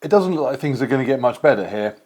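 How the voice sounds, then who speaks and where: Male vlog host, mid-pitched voice, jokey chatty delivery, for a food taste-test. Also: animated, fast, a little mellow, slight background noise. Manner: playful, chatty, joking. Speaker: vlogger host.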